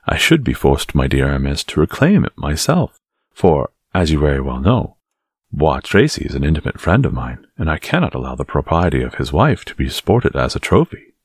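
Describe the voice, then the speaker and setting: Brief: jeering young guardsman in a period storybook, read by a husky man, dry sound. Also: a bass voice, sing-song, normal speed, no echo, heavily acted. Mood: mock-serious. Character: young royal guardsman, teasing and proud.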